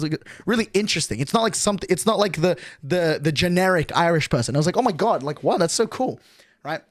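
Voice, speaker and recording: A man's voice: fairly high pitch, no room sound, clean studio sound. A young man, casually telling a rambling story to his stream chat and tagging lines with "right?". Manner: animated, rambling, with frequent "right?".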